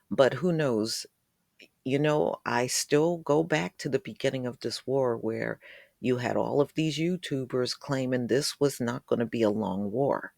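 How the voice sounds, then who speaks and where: Slow gravelly man giving casual news talk. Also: medium pitch, no room sound, studio quality. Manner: addresses viewers directly, speculative and opinionated. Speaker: news commentary vlogger.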